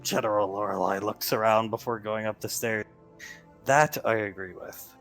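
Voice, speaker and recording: A man narrating as game master of a tabletop game, animated and laughing as he goes. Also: on the low side, normal speed, soft background music.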